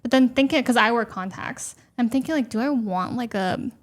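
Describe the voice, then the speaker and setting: A woman's voice: a little high, normal speed. A woman chatting casually on a tech podcast, talking in a loose, filler-heavy way. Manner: chatty, uses many "like" fillers. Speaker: podcast co-host.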